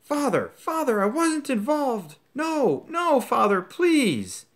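A man voicing a desperate young man who screams and begs his father in a raised, high voice, from audiobook reading. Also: big pitch swings, slow, full character voice. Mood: begging. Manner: screaming, begging.

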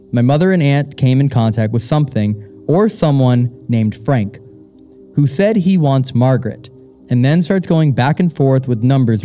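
A man's voice: mid-range voice, dark tone. Rambling young male stage host. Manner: rambling, repeats words, laughs often. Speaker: co-host of a live paranormal show. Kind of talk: casual live stage chat and reading aloud. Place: live show in a castle venue.

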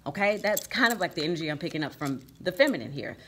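A woman's voice: on the low side, animated, quick pace, sharp tone, slight background noise. A woman reading tarot cards for her viewers, emphatic and repeating "okay?" and "right?" as she goes. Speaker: tarot reader.

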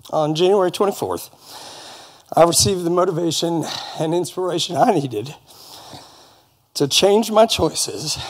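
A middle-aged man stands before his congregation to give an earnest personal testimony. He talks in a folksy way, slips in gentle jokes, and his voice sits a little high for a man. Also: creaky, husky. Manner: earnest, folksy, with light humor. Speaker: congregation member giving testimony. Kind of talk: personal testimony at church service. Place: church service in front of a congregation.

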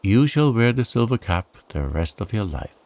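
A man's voice: fairly low pitch, very animated, normal speed, a little mellow, no room sound, voice pushed up. A man voicing a stern, regal fairy queen in a bedtime storybook, speaking with command.

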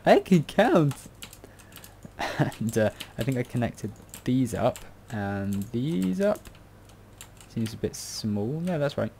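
A British man who makes game tutorials talks slowly through a building tutorial in a gravelly, mellow, medium-pitched voice, rambling and muttering with self-deprecating remarks. The audio has a little hiss or hum.

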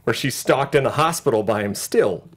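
A man co-hosting a film podcast in casual chat, animated, laughing often and acting out lines. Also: mid-range voice, normal speed, slightly rough. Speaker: podcast co-host.

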